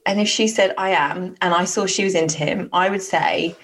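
A woman's voice: lowish voice, a little fast, hardly any pauses. A woman co-hosting a podcast, talking in an outspoken, playful way. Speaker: podcast co-host. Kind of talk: casual chat.

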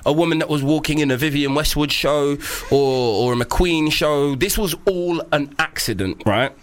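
A man's voice: fairly high pitch, normal speed. A young man co-hosting a casual podcast, laughing often and bantering. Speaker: co-host.

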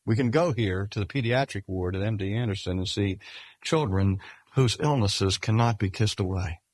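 An older man preaching a sermon in a measured, emphatic way, slowing down to stress key phrases. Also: on the low side, darkish tone, dry recording. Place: speaking at a cancer hospital.

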